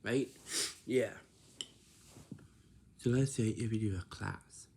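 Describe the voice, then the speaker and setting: A man with a low, gravelly voice talks slowly through everyday advice. He speaks in a dark, mellow tone, circling back and restarting his sentences as he lectures. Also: slight background noise. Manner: repetitive, instructive, many restarts and tag questions. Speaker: vlogger giving life advice. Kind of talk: casual lecturing monologue.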